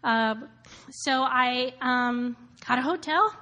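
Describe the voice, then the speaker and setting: A woman in her thirties telling a personal faith story in a casual, animated way, with fillers and laughter. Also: sits high, takes it slowly. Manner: animated, many fillers and laughs, acts out quoted voices. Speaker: speaker sharing a personal testimony.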